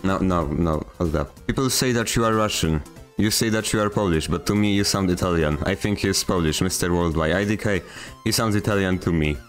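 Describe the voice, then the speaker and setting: A man hosting his channel, reading viewer comments aloud and mocking them with deadpan, slangy sarcasm. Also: sits low, fairly quick, soft background music. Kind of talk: comedic comment-reading vlog.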